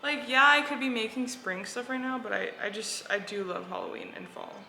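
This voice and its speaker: A vlogger chats with her viewers while cooking in her home kitchen, chatty and self-deprecating. Her voice is on the high side, sing-song, a little fast, gravelly, pushed and bright. The kitchen is echoey, with clattering dishes and slight background noise.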